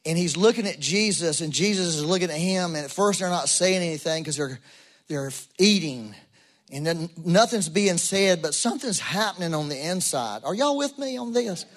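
A man's voice: high voice, animated, normal speed. A man preaching a sermon to a congregation, telling a story in a casual way and building to emphatic peaks. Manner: conversational storytelling, rising to emphatic. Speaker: pastor. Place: church room with congregation.

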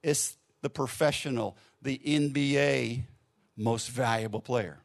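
A male pastor delivers a sermon in a relaxed, conversational storytelling manner. His voice sits at an ordinary middle pitch. He sometimes sinks to a soft, hushed tone for tender lines. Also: unhurried, gravelly. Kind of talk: sermon with a story and a closing prayer.

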